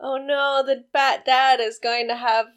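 Woman co-host, slightly high voice, wry and profane movie riffing. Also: flat delivery, a little slow. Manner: wry, swearing, laughing asides. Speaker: podcast co-host. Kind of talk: casual movie commentary.

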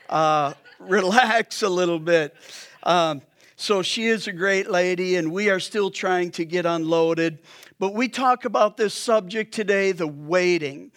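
Male pastor preaching; talks to the congregation conversationally, unhurried and light. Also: sits high. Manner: conversational, joking asides to the congregation. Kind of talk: sermon.

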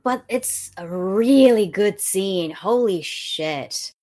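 A woman co-hosting a casual podcast with lively, expressive energy. Her pitch sits in a middle range but swings widely from phrase to phrase, and her delivery is animated and exclamatory. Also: slow. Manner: animated and exclamatory, acting out quotes. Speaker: podcast co-host. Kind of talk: casual discussion.

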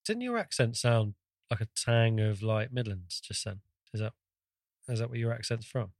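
A man's voice: mid-range voice, lively intonation, moderate pace, dry recording, studio quality. A man co-hosting a podcast in casual chat, teasing and playful with short replies. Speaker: podcast co-host.

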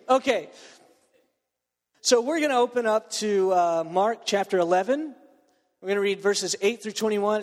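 Lively high-voiced male preacher, echoey hall. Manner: storytelling with filler words and asides. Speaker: pastor. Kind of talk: sermon.

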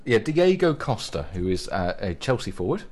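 Guy with a lowish voice hosting a radio show, chatty and rambly, lots of ums. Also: sing-song, moderate pace. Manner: rambling, hesitant with many ums and restarts. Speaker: radio co-host. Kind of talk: casual radio chat.

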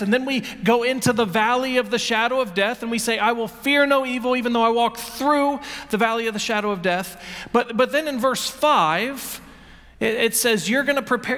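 A man with a notably high voice preaches from a church sanctuary, his words trailing into a long reverb. He talks earnestly, trips over restarts and calls on the congregation to answer him. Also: fairly bright tone. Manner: earnest, restarts words often, leads congregation in call and response. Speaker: pastor. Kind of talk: sermon.

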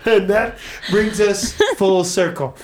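A man hosting a church podcast, talking in a reflective, halting way with many restarts. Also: high voice, fairly even intonation, very noisy. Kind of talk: casual chat.

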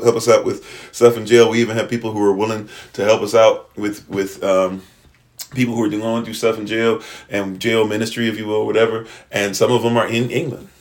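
A man giving a lecturing livestream talk, repeating "right?" and restarting his sentences, now and then addressing viewers and a partner off-mic. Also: lowish voice. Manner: repetitive, rhetorical "right?" checks, stammering restarts; talks to live chat and a partner off-mic. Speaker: livestream host.

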